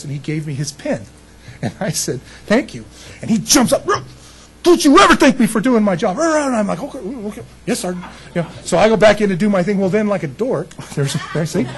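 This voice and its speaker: A middle-aged male pastor preaching casually, telling a story with folksy, animated humor. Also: high-pitched, slight background noise, low-quality recording. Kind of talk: casual sermon with personal story.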